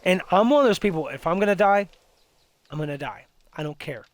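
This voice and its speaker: Young guy with a high-ish voice rambling thru a spooky story, lots of restarts. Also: lively intonation, fairly quick, no room sound. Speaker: host. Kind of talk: casual ghost story chat.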